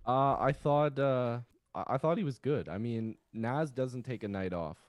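A man's voice: medium pitch, a little slow, no echo. A man appearing as a guest on a hockey stream, talking in a laid-back, enthusiastic way. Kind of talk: casual sports chat.

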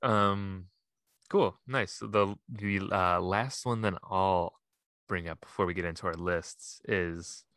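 A man with a very deep, low voice talks loosely on a podcast, trailing off into fillers and breaking into laughs. The sound is close and dry, with no room around it. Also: slow, fairly bright tone, clean tone, no echo. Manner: laughing often, rambling with fillers. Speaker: podcast co-host. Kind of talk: casual chat.

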